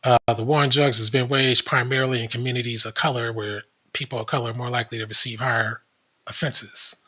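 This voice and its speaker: A man's voice: medium pitch, flat delivery, fairly quick, pushed and bright, husky. A man hosting a commentary show, casually reading web pages aloud with blunt asides. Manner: blunt, reads aloud from screen, frequent asides.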